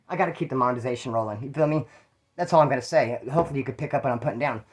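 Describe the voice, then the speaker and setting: A man's voice: mid-range voice, very fast. Rambling, slangy man telling stories. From Bakersfield, California. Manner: slangy, profane, rambling with asides. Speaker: former prisoner telling stories. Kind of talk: casual storytelling monologue.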